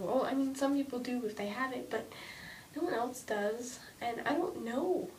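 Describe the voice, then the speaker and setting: Anxious young woman ranting to camera. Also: a little mellow. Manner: halting, restarts often, many "like"s. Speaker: vlogger. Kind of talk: emotional personal vlog rant. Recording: distant mic with faint rumble.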